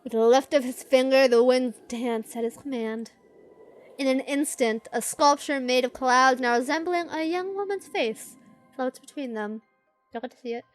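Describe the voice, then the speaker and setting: A woman's voice: high voice, moderate pace, soft background music. A young woman hosting a gaming video, reading a game's narration aloud and cracking jokes back at the characters. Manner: animated, joking, talks back to the characters. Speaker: gaming channel host. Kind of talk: reading a game aloud with live commentary.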